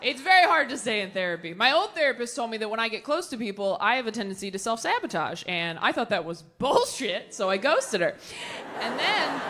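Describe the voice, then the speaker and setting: A young woman performing a stand-up comedy set on a club stage, wry and deadpan with bursts of playful shouting. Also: a little high. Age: young adult. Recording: live comedy club with a laughing crowd and noise.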